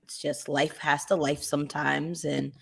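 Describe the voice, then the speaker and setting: A young woman co-hosting a casual live stream, her voice among the lowest for a woman. She rambles a little in an easygoing, thankful tone. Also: level tone, unhurried, gravelly, slightly rough. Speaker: podcast co-host.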